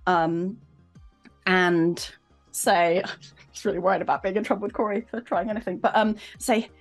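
A woman's voice: mid-range voice, steady tone, moderate pace, soft background music. A British woman playing a character in a tabletop game, hesitant and stammering as she speaks in role. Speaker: player.

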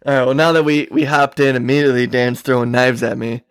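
A man's voice: medium pitch, steady tone, fast talker, clear, resonant tone, no echo, clean studio sound. A man co-hosting a casual political talk show, sarcastic and joking, laughing often. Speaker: podcast co-host.

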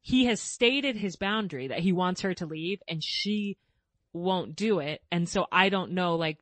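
A woman's voice: on the low side, a little slow, a bit bright, no echo. A mother hosting a podcast, candidly describing her children's squabbles and asking for advice, laughing often. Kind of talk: casual podcast chat.

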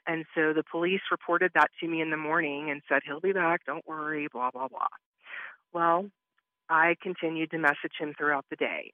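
A woman's voice: low voice, no echo. Woman telling her story over a muffled line. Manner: animated retelling, acts out quoted exchanges. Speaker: interview guest recounting her experience. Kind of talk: conversational storytelling.

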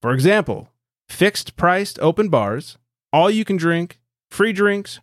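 A man's voice: high voice, lively intonation, slow pace, no echo, clean studio sound. A man in his thirties hosting a podcast, talking casually, swearing and laughing often. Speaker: podcast host. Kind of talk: casual chat.

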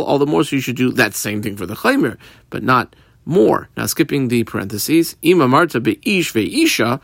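A man teaches a Talmud page, translating each phrase as he goes. His voice sits at an ordinary middle pitch, and the recording is dry and close, with no room sound. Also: gravelly, no room sound. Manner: explains each Aramaic phrase in English, steady teaching cadence. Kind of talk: daf yomi Talmud lesson.

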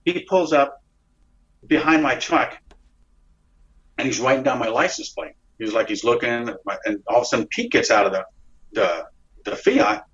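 A man, an interview guest, telling a dramatic story in a rambling, excited way with frequent restarts and swearing. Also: mid-range voice. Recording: dull lo-fi recording.

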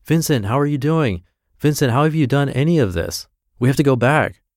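A man's voice: mid-range voice, expressive, a little fast, no room sound, clean studio sound, pitched above the performer's own voice, natural voice. A man voicing a proud young swimmer who panics far out at sea, calling out in a raised, frantic voice. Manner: pleading, frantic calls.

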